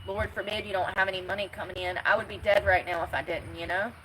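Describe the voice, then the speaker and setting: A woman's voice: medium pitch, steady tone, fast, a bit bright, slight background noise, rough recording. A woman chatting bluntly and fiercely to her livestream viewers, sounding worn out. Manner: blunt, fiery, talks back to chat. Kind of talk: casual livestream chat.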